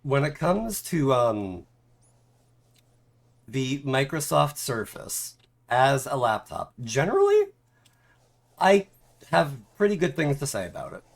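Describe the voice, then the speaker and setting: A man's voice: medium pitch, wildly swooping pitch, takes it slowly, gravelly, long pauses. A man streamer chatting casually, rambling off on tangents and filling his talk with "like" and "um.". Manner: rambling, filler-heavy, tangents. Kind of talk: casual chat.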